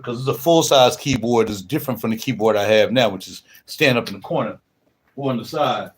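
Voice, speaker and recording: A man's voice: medium pitch, a little fast, husky. An older man chatting casually on a livestream from his home music room, talking in a laid-back, rambling way with a lot of slang. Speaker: livestream host.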